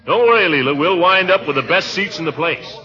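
An actor playing a pompous middle-aged small-town official in 1940s radio comedy style, blustery and chuckling. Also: male voice, high-pitched, lively intonation, a little fast, loud music behind the voice. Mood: blustering. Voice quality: blustery and self-important, chuckling. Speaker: small-town water commissioner. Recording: dull old radio recording with studio audience.

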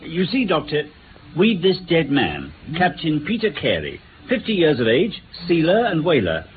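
An earnest, slightly frustrated police inspector in a radio drama. He lays out facts plainly, with a lively pitch. The sound is thin and phone-like with a faint hiss. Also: normal speed. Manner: plain, matter-of-fact reporting.

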